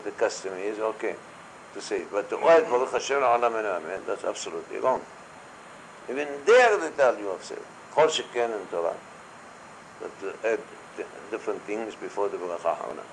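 A man leading a casual religious study discussion, talking haltingly with many fillers and quoting blessings aloud. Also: fairly low pitch, lively intonation, slight background noise, low-quality recording.

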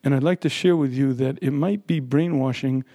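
A man giving an earnest, emphatic Torah lecture who keeps clearing his throat. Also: medium pitch, normal speed, dark tone, dry recording. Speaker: religious lecturer.

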